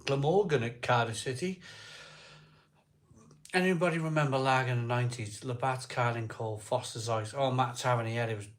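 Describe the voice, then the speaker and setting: A man's voice: medium pitch, a bit bright. Chatty Welsh man hosting a beer stream. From South Wales. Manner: chatty, jokey, reads out viewer names and comments. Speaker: host of a live beer-drinking stream. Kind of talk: casual live-stream chat reading viewer comments.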